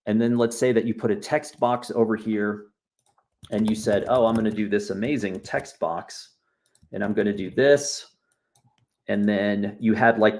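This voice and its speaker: Chatty man teaching a software workshop. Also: lowish voice. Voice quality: loose, chatty and encouraging, talking while clicking. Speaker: workshop instructor. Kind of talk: live online software tutorial. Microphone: video call.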